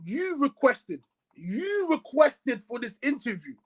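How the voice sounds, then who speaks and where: A man's voice: extremely high pitch, slow, rough recording. A man ranting about football in a heated casual chat, repeating himself as he vents. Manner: animated, ranting, repeats words, London slang. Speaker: co-host.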